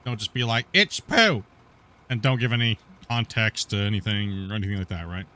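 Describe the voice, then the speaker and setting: A man's voice: fairly low pitch, steady tone, quick pace, fairly bright tone. A man streaming a game, chatting casually and rambling, often laughing and swearing, always tacking on "you know" and "right?". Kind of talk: casual gameplay chat.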